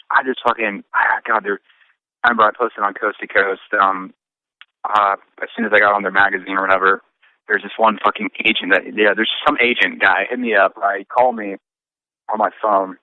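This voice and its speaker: A man's voice: fairly low pitch, flat delivery, brisk, pushed and bright, dry recording. A man, a rapper guest in a casual interview, telling rambling stories and swearing a lot. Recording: tinny phone-line sound.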